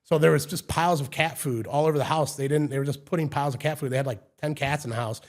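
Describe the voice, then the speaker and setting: A man, a home inspector and podcast guest, telling stories in a casual, animated way and acting out the people he quotes. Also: on the high side, fast talker. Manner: animated, acts out quoted voices loudly. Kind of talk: casual storytelling.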